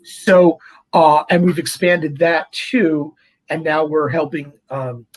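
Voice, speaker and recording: A man who is a priest, talking in a casual interview and telling stories in a chatty, animated way. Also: fairly high pitch, slow pace, rough recording. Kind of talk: conversational interview.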